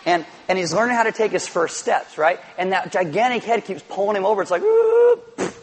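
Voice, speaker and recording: With a high-pitched voice and a quick pace, a middle-aged pastor gives a sermon to his congregation, telling animated stories and acting out small quotes. The recording quality is low.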